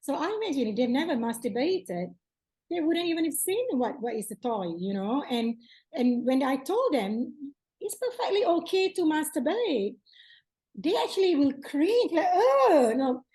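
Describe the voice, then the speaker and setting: A woman hosting a casual interview chat, encouraging her guest with quick reactions. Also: high-pitched, sing-song, warm tone, low-quality recording. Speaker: podcast host.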